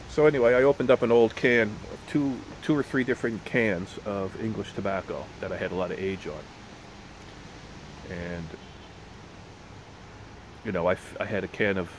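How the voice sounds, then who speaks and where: A man's voice: low-pitched, a little hiss or hum, poor audio. A man casually rambling in a vlog about pipe tobacco, often restarting his sentences and swearing. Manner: rambling, profane, self-correcting.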